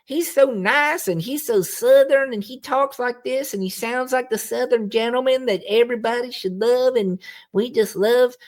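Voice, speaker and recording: A podcast host putting on a high, mocking sing-song voice of a naive admirer, set back from the mic. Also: moderate pace, lightly acted.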